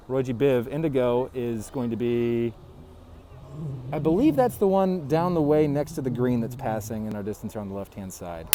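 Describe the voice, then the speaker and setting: A man's voice: medium pitch, noisy background. A man giving playful showman-style commentary into a handheld camera outdoors during a race. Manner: loud, jokey showman patter. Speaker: race competitor. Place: outdoors at a resort cable-car station. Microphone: handheld camera turned on himself.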